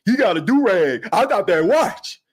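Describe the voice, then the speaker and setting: A man hosting a sports podcast, talking in an animated, slangy way and reacting to viewer comments. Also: high voice, normal speed, husky. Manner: animated, slangy, reads chat comments aloud. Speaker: podcast host.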